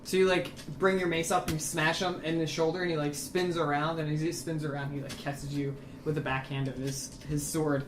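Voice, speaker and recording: A man's voice: on the high side, flat delivery, a little fast, hardly any pauses. A man running a tabletop game as its master, narrating in a loose, swearing, filler-heavy way. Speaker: dungeon master. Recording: echoey room with noise.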